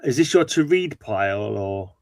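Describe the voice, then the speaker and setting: A man's voice: on the low side, lively intonation, normal speed, darkish tone, no echo. Curious man in dry room. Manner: curious, asks questions. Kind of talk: casual chat.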